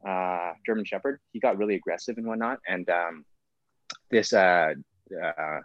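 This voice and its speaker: Rambling male actor, low dry voice. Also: moderate pace, dry recording. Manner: rambling, full of fillers like "like" and "whatnot". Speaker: actor, interview guest. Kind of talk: casual interview conversation. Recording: dull, lo-fi sound.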